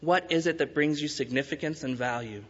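Pastor, male, earnest sermon delivery, slightly higher voice, dull sound with long reverb. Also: a bit bright. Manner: earnest, urging, with emphatic rises and slow stresses.

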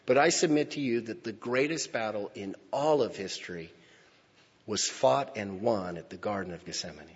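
Husky-voiced man preaching in a reverberant hall. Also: fairly low pitch, dull audio. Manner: dramatic, swinging from loud declarations to hushed near-whispers; slow, emphatic phrasing with pauses. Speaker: pastor. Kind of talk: sermon.

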